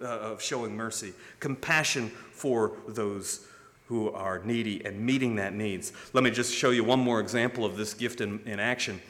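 A pastor with a medium-pitched, slightly bright voice preaches a sermon full of stories, acting out the voices of the people in them. The recording carries a long hall reverb.

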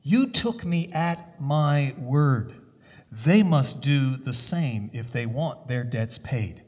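A wealthy landlord speaks slowly and solemnly, calm and unbending, as a man puts him on. The voice is husky and echoes through a large hall. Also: medium pitch. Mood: firm. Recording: long hall reverb.

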